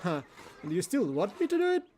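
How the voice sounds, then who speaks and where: A man's voice: high-pitched, wildly swooping pitch, a little fast, dark tone, a little hiss or hum, pitched above the performer's own voice. A man reading the lines of a blunt, irreverent village laborer in a game, brash and mocking, with frequent laughs.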